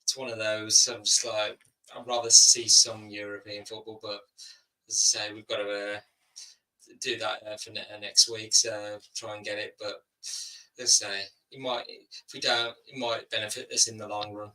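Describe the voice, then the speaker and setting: Guy rambling on a fan panel, sharp bright voice, sounds far from the mic. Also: lowish voice, level tone, moderate pace. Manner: rambling, repeats himself. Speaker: panel guest. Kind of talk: casual panel chat.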